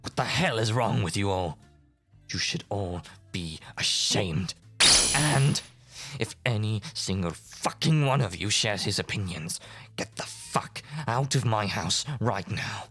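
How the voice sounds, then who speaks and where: A man's voice: on the low side, animated, measured pace, fairly bright tone, soft background music, full character voice. A man voicing a furious young party host with a Southern US accent, swearing as he throws someone out. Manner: angry, swearing, with a drawl.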